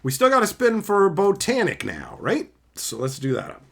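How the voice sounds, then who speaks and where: A man's voice: high voice, normal speed, slightly rough. A man live-streaming as he opens card packs, chatting casually and hurling profane, mock insults with frequent laughs. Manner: excitable, laughs often.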